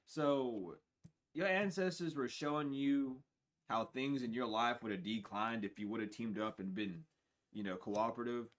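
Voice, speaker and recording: Male streamer doing a spiritual reading at a middling pitch, casual and profane, low mutters with sudden loud laughing bursts. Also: moderate pace. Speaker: spiritual reader.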